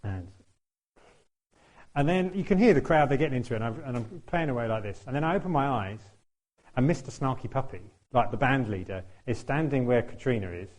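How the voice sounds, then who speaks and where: A man's voice: medium pitch, animated, fairly quick, darkish tone. A man telling a chatty, self-deprecating story during a church talk, laughing often and acting out what people said. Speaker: church speaker. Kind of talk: anecdotal sermon storytelling.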